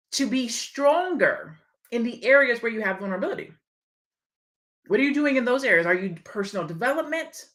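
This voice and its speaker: A woman's voice: fairly high pitch, a bit bright. A woman hosts a live-streamed motivational talk. She has a slight lisp and speaks candidly and conversationally. She reads viewer comments aloud as she goes. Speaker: livestream host and speaker.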